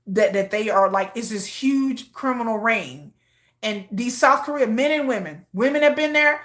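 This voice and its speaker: A woman vlogger retelling news in casual commentary, acting out the people in the story as she goes. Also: mid-range voice. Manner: animated storytelling, acting out quoted voices.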